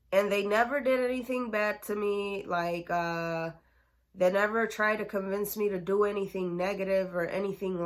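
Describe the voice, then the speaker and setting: A woman telling a personal story in a casual, chatty way, full of slang and fillers. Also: mid-range voice. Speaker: storyteller vlogger.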